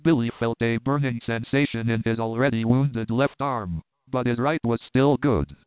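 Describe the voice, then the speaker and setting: Guy reading a novel aloud, steady and smooth, dead dry tinny audio. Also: medium pitch, normal speed, no room sound. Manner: steady, even storytelling. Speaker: audiobook narrator. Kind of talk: scripted narration. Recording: thin phone-like sound.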